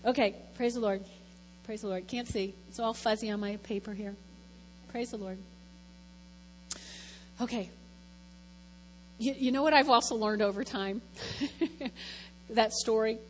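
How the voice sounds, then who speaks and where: A woman's voice: a little high, steady tone, unhurried, pauses often, big-room sound, slight background noise, poor audio. A woman, a lay speaker, giving a chatty, rambling, self-deprecating testimony talk at church.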